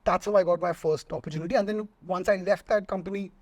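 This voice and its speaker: Indian guy, pretty high voice, telling stories fast and lively, keeps laughing. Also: dry recording. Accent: Indian English. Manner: animated storytelling, acting out quotes, laughs often. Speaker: screenwriter guest. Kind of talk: casual interview chat.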